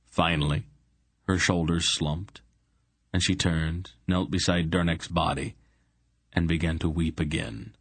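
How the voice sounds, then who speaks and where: A man narrates a fantasy novel with steady, unhurried reading. His voice is deep and husky and moves slowly. It is recorded dry and close. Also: dry recording. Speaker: audiobook narrator. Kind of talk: scripted narration.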